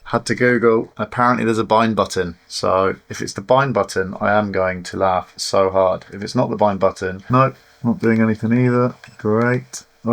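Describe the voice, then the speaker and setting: A man's voice: lowish voice, creaky, a bit bright. A man chatting casually as he works on a drone at his workbench, frustrated and self-mocking about his setbacks. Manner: chatty and exasperated, sighing and laughing at setbacks. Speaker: FPV drone hobbyist vlogger. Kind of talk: casual running commentary while tinkering.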